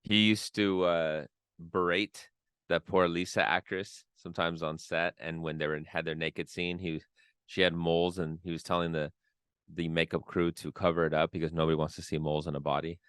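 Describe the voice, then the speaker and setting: A man's voice: low voice, normal speed, clear, resonant tone, no echo, clean studio sound. A man co-hosting a podcast, telling stories casually with lots of fillers. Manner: relaxed storytelling with frequent fillers. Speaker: podcast co-host.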